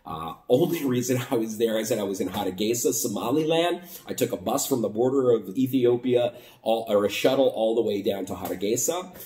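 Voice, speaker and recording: American guy telling a travel story, low mellow voice, kinda far off in an echoey room. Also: brisk. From United States. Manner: animated retelling, acting out both sides of conversations. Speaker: vlogger. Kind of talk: casual storytelling monologue.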